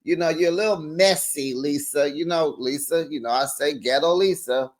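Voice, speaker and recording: Male recap host, slightly high-pitched, sassy and animated, casual gossip delivery with mimicked quotes. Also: normal speed. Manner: laughs between remarks. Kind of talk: casual chatty recap commentary.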